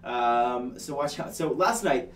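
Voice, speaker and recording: A man's voice: medium pitch, slow pace, far from the mic, a little hiss or hum. A young man from Canada hosting an online news show, talking in a chatty, joking way with lots of fillers. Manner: chatty and animated, with filler words and jokes. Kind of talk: casual online news commentary.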